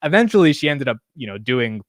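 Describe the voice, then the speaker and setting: Guy rattling off stock takes super fast, blunt and kinda profane, dry close sound. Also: medium pitch, big pitch swings, no room sound. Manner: rambling, blunt, swears casually, many restarts. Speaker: stock market show host. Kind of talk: casual live market commentary.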